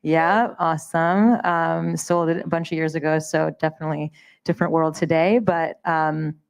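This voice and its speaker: A woman's voice: sits low, steady tone, normal speed, vocal fry, clear, resonant tone. A woman from Canada speaking on a conference panel, bubbly and rambling, laughing often. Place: conference stage.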